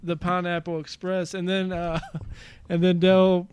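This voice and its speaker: High-voiced man retelling movie scenes. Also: monotone, unhurried, a little mellow, clear, resonant tone. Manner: retells scenes in a loose, rambling way. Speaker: podcast co-host. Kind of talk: casual movie chat.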